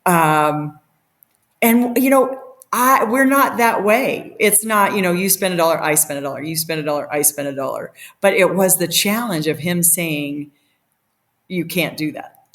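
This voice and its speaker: Lively storytelling woman, slightly low voice. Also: normal speed. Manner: animated, laughing, acts out quotes. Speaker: podcast guest. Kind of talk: casual storytelling.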